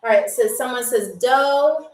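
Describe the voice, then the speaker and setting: A woman's voice: fairly high pitch, measured pace. A woman hosting a live-streamed trivia game show, chatting to viewers and greeting them by name. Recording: roomy echo, distant mic, faint music. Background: faint music from a DJ.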